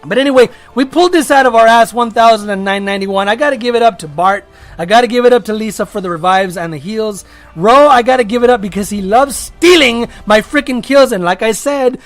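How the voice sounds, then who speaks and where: A man's voice: high-pitched, a little fast. A man giving casual gameplay commentary, rambling and joking as he restarts his sentences. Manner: rambling, self-interrupting, jokey. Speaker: gaming video creator.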